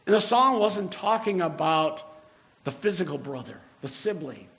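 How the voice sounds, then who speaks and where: Older man, pastor, earnest sermon delivery, high-pitched voice, slows down for emphasis. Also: animated, gravelly, a bit bright. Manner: earnest, rises in emphasis, slows on key phrases.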